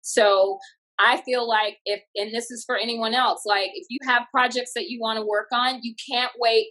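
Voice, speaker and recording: A comedian and guest from Tatum, Texas, tells animated stories with plenty of bounce, acting out the people she quotes in lively bursts. Her voice is a little high, bright and forceful, at normal speed, with poor audio.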